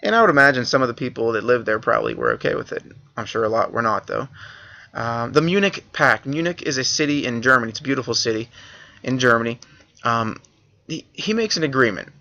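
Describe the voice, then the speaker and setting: A man's voice: medium pitch, lively intonation, fast, gravelly, bright, forceful tone, highs cut off. A male history teacher giving a casual classroom review lecture with joking asides.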